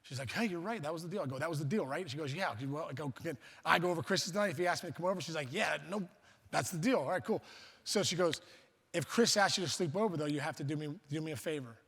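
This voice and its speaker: A man giving a funny storytelling speech at a luncheon, animated and acting out voices with sudden loud outbursts. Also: fairly high pitch, fast talker, slightly rough. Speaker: luncheon speaker. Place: banquet hall. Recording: reverberant hall.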